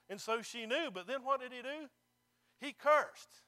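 Male pastor, emphatic sermon delivery with amen calls, very high and bright, crisp tone. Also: expressive, moderate pace. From not local to the congregation. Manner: emphatic preaching, calls for amens.

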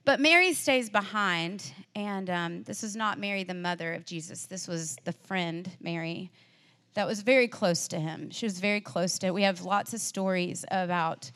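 A woman's voice: fairly low pitch, normal speed, a bit bright. Earnest woman preaching a sermon. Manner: earnest, acts out the disciples' and Mary's feelings in quoted voices; conversational, with fillers and restarts.

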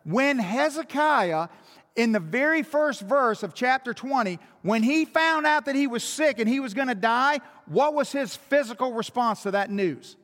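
Male preacher, high voice, emphatic sermon delivery, rhetorical questions, long hall reverb. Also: animated, normal speed, a bit bright.

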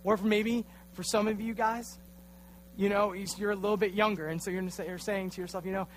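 A man's voice: high-pitched, fairly even intonation, brisk, slight background noise. A young man in his twenties giving a casual, self-deprecating youth sermon in a church, telling a funny story and acting out the quotes. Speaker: youth pastor.

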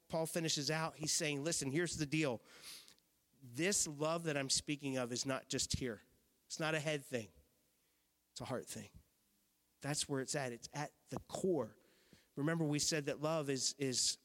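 A man preaching a sermon to his church, conversational and emphatic, sometimes dropping to a hushed intensity. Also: a little high. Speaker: pastor. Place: church sanctuary. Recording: long hall reverb.

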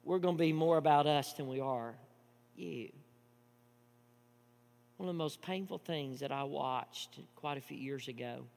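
A man preaching a sermon, moving between hushed storytelling and loud, impassioned preaching. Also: fairly high pitch. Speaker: pastor. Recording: long hall reverb with mains hum.

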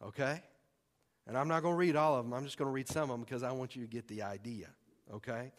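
A man preaching a sermon in a folksy, excitable way, breaking into sudden loud bursts. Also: medium pitch, quick pace. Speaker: pastor. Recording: long hall reverb.

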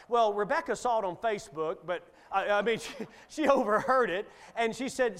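A man's voice: high-pitched, a little fast, fairly bright tone. A middle-aged male guest preacher delivering a sermon in a folksy, joking manner.

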